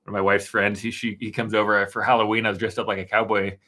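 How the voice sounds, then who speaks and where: A man in his thirties hosting a casual live stream, answering chat questions in a relaxed, rambling way with plenty of fillers and restarts. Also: fairly low pitch, fast talker. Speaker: woodworking channel host answering live chat. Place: dark-painted home studio room.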